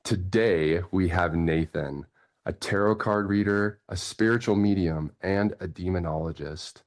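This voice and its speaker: Low-pitched male interview host. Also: a little slow. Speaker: host and life coach. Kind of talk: interview hosting.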